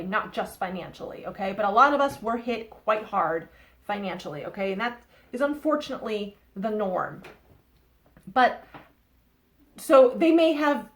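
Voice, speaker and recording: A woman's voice: mid-range voice, fairly bright tone. A woman with a Boston accent giving a chatty, rambling tarot reading to camera, often checking in with "okay?". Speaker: tarot reader.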